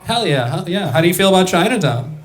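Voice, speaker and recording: A man's voice: high-pitched, big pitch swings, fast talker, noisy background. Young male comedian, loose chatty crowd work, reverberant room. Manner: loose, chatty, laughing through punchlines. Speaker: stand-up comedian. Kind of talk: stand-up set with crowd work. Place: comedy club stage.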